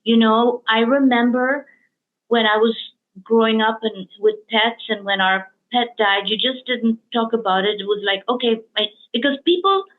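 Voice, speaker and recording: Female host, higher register, heartfelt chatty storyteller, phone-quality audio. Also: normal speed. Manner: storytelling, emotional, many fillers and restarts. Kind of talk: casual interview chat. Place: lives in Hong Kong. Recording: tinny phone-like line.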